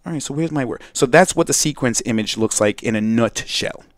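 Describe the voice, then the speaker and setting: A young man from Brooklyn, hosting a casual software tutorial, rambling and digressing, often restarting sentences and talking straight to viewers. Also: medium pitch, a little fast, no room sound. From Brooklyn, New York. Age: young adult. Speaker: host and video editing tutor.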